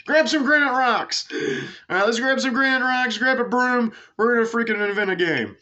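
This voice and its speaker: A man voicing drunk, bored men by a fire as they invent a game, in a high mock English accent and a rowdy, excited manner. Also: moderate pace, lightly acted. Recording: dull lo-fi sound.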